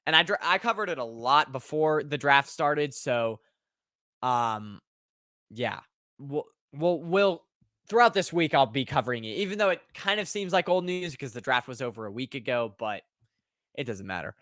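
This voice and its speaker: A man's voice: medium pitch, animated, moderate pace, sharp tone, no echo, studio quality. A young man hosting a sports livestream, rambling casually and reading viewer chat aloud. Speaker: sports podcast host.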